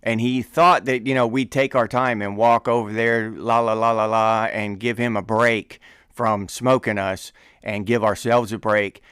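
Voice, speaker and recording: A middle-aged man hosting a podcast, telling an army story in a casual, animated way, often laughing and acting out shouted quotes. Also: lowish voice, unhurried, smooth, no room sound, clean studio sound. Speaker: podcast host.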